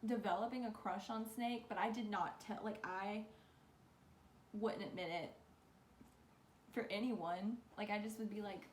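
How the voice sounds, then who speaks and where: A young woman telling a rambling storytime, animated and full of "like". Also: medium pitch, measured pace, long pauses, slight background noise. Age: young adult. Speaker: vlogger. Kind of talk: casual storytime. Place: bedroom. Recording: echoey room with faint ambience.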